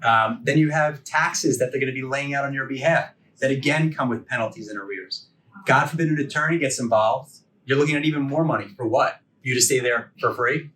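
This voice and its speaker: A man's voice: mid-range voice, brisk, fairly bright tone. Guy in his 40s teaching a class, keeps asking "right?" and "okay?", sounds kinda far off the mic. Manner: conversational, rhetorical questions with frequent "okay?" and "right?". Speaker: continuing education instructor. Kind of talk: lecture. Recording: voice a bit distant from the mic.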